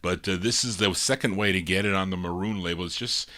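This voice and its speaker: A man's voice: low voice, fast talker, bright, forceful tone. A man hosting a live record show, chatting about old records and their labels in detail.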